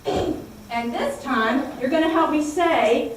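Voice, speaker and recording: Speaking slowly, a woman tells children a Bible story in a high, lively voice, exclaiming and urging them to repeat lines back. She is heard from far off in a very echoey room with faint background noise.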